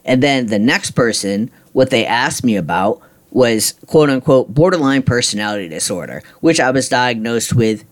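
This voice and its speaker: A middle-aged man talks straight into the mic as a podcast host, recounting his own story. His voice sits at an ordinary pitch for a man, and he speaks bluntly, with frustration that breaks into ranting and casual swearing. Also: lively intonation, moderate pace, hardly any pauses. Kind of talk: personal storytelling monologue.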